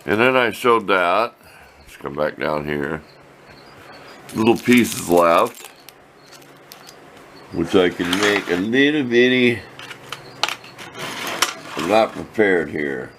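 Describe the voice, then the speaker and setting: Older man, very deep voice, lively up-and-down delivery, folksy rambling workshop talk, faint room hum. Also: slow, long pauses. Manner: folksy, rambling, plain-spoken. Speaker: workshop video host. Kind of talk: casual workshop show-and-tell. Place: home workshop.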